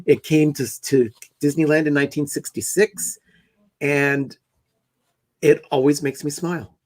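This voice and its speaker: A man's voice: fairly high pitch, fairly even intonation, a little slow, no echo. A man guesting on a casual chat, sincere and informative.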